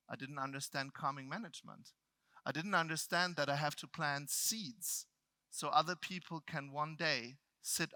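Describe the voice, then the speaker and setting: A middle-aged man from Germany with a German accent, telling a personal story to a live seminar audience. He swings between loud outbursts and quiet reflection. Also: on the high side, no room sound. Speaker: motivational speaker.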